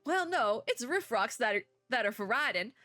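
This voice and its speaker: A woman's voice: a little high, sing-song, normal speed, sharp tone, dry recording. Woman doing a folksy rancher with a drawl. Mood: cheerful. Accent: put-on Southern drawl. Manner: giggling through the lines. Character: friendly female rancher, folksy and upbeat. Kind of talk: reading game dialogue aloud.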